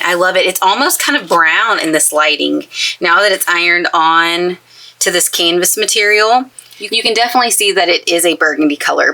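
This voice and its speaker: A bright, chatty craft channel host from East Texas gushes with enthusiasm during a casual tutorial in the craft space of her camper trailer. Her voice is lowish and gravelly, and the recording quality is low.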